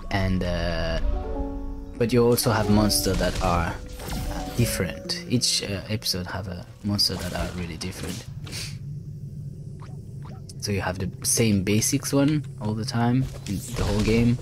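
A man, a game developer, explaining his game in a halting let's-play commentary with many restarts. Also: sits low, over music.

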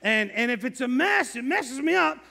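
High-voiced man preaching in a reverberant hall. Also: normal speed, vocal fry. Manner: animated, acts out quoted voices. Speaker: pastor. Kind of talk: sermon. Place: church sanctuary.

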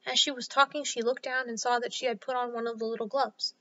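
A woman storyteller reading a children's story aloud in a clear, expressive way. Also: fairly high pitch, quick pace. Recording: slightly dull lo-fi sound.

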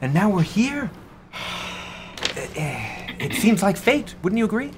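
A man voicing an excitable older ship captain who stammers eagerly and pushes his crew along. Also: high-pitched, slow, background noise, voice pushed up, full character voice.

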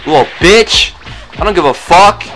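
A young man giving loud, brash trash-talking commentary over his own gameplay, often shouting at opponents. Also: sits high, lively intonation, normal speed, loud music behind the voice. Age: young adult. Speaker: gaming video host.

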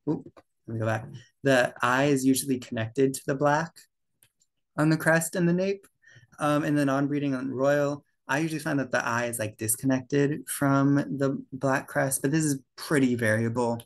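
A man's voice: medium pitch, creaky. A young man giving a casual slide presentation to a birding club, talking loosely with fillers and self-corrections.

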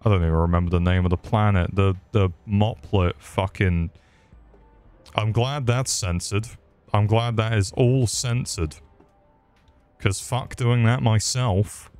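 A man's voice: on the low side, measured pace, darkish tone, clean tone, soft background music. A man giving crude, rambling comedic commentary while he plays a video game. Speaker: gaming streamer. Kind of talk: profane comedic gameplay commentary.

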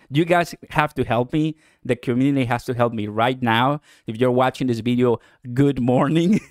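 A man hosting a casual live stream about cryptocurrency from home in the morning, excitable and chatty, laughing often and talking straight to his viewers. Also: mid-range voice, no room sound, clean studio sound. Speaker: crypto livestream host.

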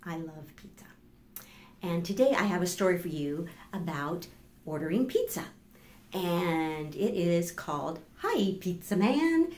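A woman children's librarian leading a storytime, animated and sing-song, talking encouragingly to young kids and their grown-ups. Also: lowish voice, measured pace, slight background noise. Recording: roomy room echo.

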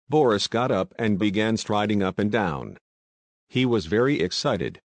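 Low-voiced man reading a novel. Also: expressive, moderate pace, no echo. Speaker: audiobook narrator. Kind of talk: scripted narration.

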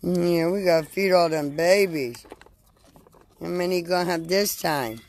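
Slow gravelly farm woman. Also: on the low side, darkish tone. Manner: slow, coaxing talk to animals. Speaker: farm host. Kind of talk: live farm video. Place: outdoors on a farm.

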